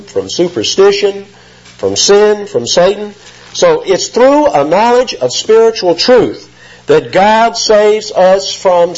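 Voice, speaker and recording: A man's voice: a little high, darkish tone. A man preaching an expository sermon, emphatic and rising sharply when he quotes. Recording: muffled lo-fi sermon recording.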